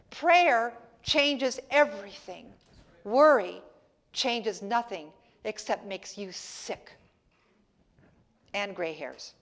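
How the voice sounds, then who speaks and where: A woman pastor preaching a sermon in church, swinging between soft, playful asides to the congregation and loud, emphatic passages. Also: fairly high pitch.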